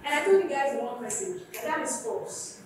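Woman pastor, emphatic call-and-response sermon; high voice, distant mic, very echoey church. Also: animated, brisk, a little hiss or hum. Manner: rising to emphatic preaching with repeated questions to the congregation. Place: church hall. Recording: echoey church hall from far off.

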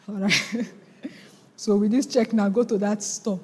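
A woman's voice: mid-range voice, fairly even intonation, measured pace, a little mellow, breathy edge, long reverb tail. A woman preacher teaching a sermon from the Bible, retelling the story animatedly and laughing often.

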